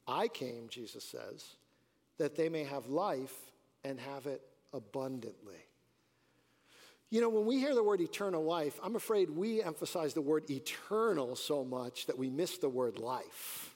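Male pastor, mid-high voice, earnest sermon delivery with swelling and hushed emphasis, reverberant sanctuary. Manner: earnest preaching, rising and dropping emphasis. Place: church sanctuary. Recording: church hall reverb.

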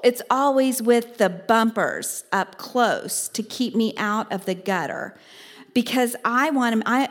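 A woman, working as a business life coach, giving a motivational talk and acting out dialogue from her own stories. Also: mid-range voice. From Oklahoma. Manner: storytelling, acts out dialogue with lively asides.

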